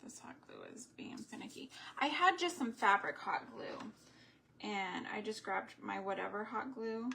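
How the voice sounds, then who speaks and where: A woman's voice: mid-range voice, animated, moderate pace, gravelly, fairly bright tone, slight background noise. A woman hosting a live crafting stream, chatting in long rambling asides while she works with her hands. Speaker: homesteading craft host.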